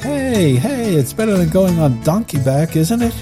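A man's voice: high-pitched, very animated, moderate pace, music in the background, voice pushed up. A man voicing a cheerful, unflappable male wise fool from a folk tale, tossing off reassuring quips. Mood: breezy. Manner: breezy, reassuring jokes.

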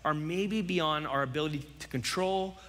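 A man's voice: on the high side, normal speed, fairly bright tone, long reverb tail. A man preaching a sermon, telling a story conversationally and acting out the voices of others. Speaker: pastor.

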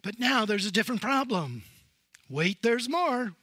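Brief: male preacher, high and bright, slow, dramatic sermon delivery. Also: breathy edge, no room sound. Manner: animated storytelling, swings from loud emphasis to hushed. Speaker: pastor.

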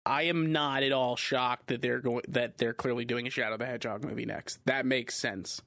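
A man co-hosting a podcast in casual chat, with a wry and dry sense of humor. His voice sits at a middle pitch. The sound is dry and close to the mic. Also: steady tone, normal speed, gravelly, fairly bright tone, dry recording. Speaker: podcast co-host.

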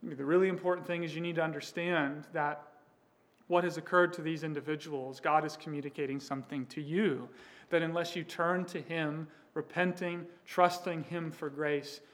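High-voiced man preaching with emphasis. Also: flat delivery, normal speed. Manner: emphatic, swelling louder on scripture quotes and dropping soft at sentence ends; conversational, with restarts and asides to the listeners. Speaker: pastor. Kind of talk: sermon.

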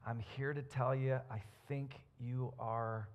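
A man's voice: medium pitch, fairly even intonation, slow, lo-fi sound. A man preaching a sermon as a pastor, earnest and building his points with emphasis.

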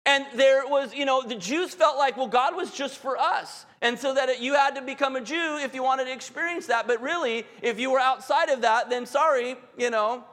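Man, sermon, very high voice, long hall reverb, candid and joking. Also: moderate pace, few pauses, a bit bright. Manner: candid, humorous, conversational preaching. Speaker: pastor.

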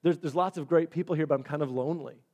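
A male pastor voicing a lonely, earnest first man asking for a companion, speaking softly. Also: a little high, fast. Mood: pleading.

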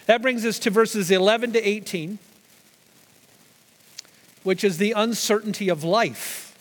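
Man, pastor, high voice, teaching sermon, long reverb of a church hall. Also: moderate pace. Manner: teaching, explaining scripture with restarts and emphasis.

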